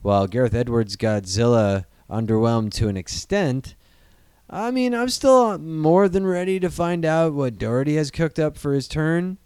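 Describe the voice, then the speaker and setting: Brief: young male podcast host, loose and animated, cursing freely, dry close sound. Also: on the high side, normal speed, clear, resonant tone, dry recording. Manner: animated, swearing, jumps into excited outbursts. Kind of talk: casual movie news chat.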